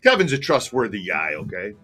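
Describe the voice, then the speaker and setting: Guy telling a story, bright punchy voice, rambly and swears a lot, gets emotional. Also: lowish voice, wildly swooping pitch, fairly quick, soft background music. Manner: candid, rambling, swears freely, grows emotional. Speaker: tour operator telling a story. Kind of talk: casual storytelling chat.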